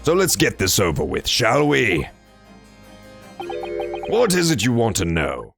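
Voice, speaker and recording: A man's voice: mid-range voice, wildly swooping pitch, measured pace, creaky, music in the background, exaggerated voice. Haughty jailed lord-prosecutor, curt and cold, lilting delivery, read by a male streamer. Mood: cold, dismissive. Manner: curt, dismissive.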